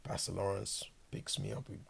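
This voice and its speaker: A man's voice: deep voice, sing-song, moderate pace, vocal fry, slightly rough, whispered. A man from Trinidad and Tobago, a guest giving an earnest personal testimony and acting out what he once said. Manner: earnest storytelling, acts out his own past words. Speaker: interview guest.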